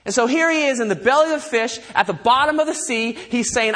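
A man preaching a sermon, animated, asking his listeners rhetorical questions. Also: very high-pitched, a little fast, few pauses. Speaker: pastor.

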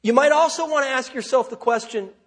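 Male pastor, high and slightly husky voice, conversational preaching full of rhetorical questions. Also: fairly quick. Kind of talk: sermon.

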